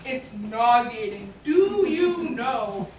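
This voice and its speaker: A sly, wheedling hustler. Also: female voice, fairly high pitch, big pitch swings, extremely slow, a little hiss or hum, exaggerated voice. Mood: proud. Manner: sly, wheedling sales patter. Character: brash hustling woman street performer. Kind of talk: stage play performance. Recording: echoey hall from far off.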